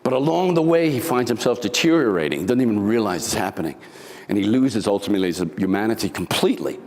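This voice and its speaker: A man's voice: fairly low pitch, expressive, quick pace, darkish tone. A middle-aged man giving a motivational talk to a live audience, telling a dramatic story and acting out the lines he quotes. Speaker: motivational speaker. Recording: long hall reverb.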